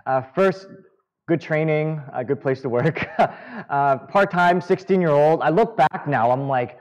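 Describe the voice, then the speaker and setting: A man preaching a sermon, earnest and halting, with self-deprecating humor. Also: a little high, muffled recording. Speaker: pastor.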